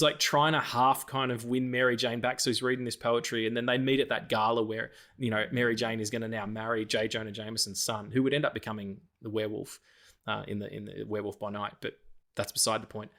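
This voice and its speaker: A man co-hosting a casual film podcast, his voice sitting in an ordinary middle pitch. He talks in an animated way, swearing freely and slipping into quick impressions of the movie lines he quotes. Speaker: podcast co-host.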